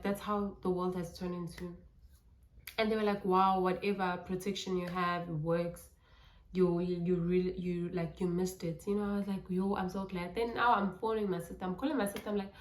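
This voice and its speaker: A woman's voice: medium pitch, reverberant. A South African woman telling a personal story for her vlog, acting out what she and others said. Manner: animated storytelling, acting out her own past lines. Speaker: YouTuber.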